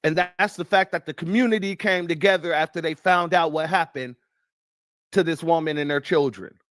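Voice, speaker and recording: A man's voice: fairly high pitch, moderate pace, fairly bright tone, dry recording. A man from the United States hosting a news commentary show, talking bluntly and profanely and telling stories from his childhood. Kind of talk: casual commentary.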